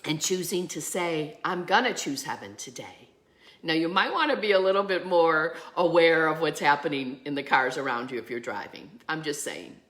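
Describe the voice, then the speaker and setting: A woman's voice: sits low, normal speed, few pauses. A woman minister giving a sermon, telling a story with animation and acting out the voices in it. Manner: drops to a soft hush at the close.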